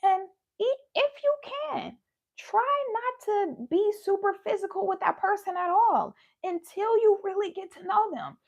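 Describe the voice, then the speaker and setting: A woman hosting a passionate live talk to her viewers, emphatic and laughing often, swinging from loud to hushed, and losing her voice. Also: very high-pitched, animated, a little slow, creaky, highs cut off. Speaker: spiritual video host.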